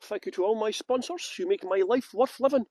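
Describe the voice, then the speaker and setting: High-voiced chatty Scottish man. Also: brisk, warm tone, dry recording. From Scotland. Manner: rambling, self-mocking banter, laughs often. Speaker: tour guide. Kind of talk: chatty live-stream greetings before a tour. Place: outdoors in botanical gardens.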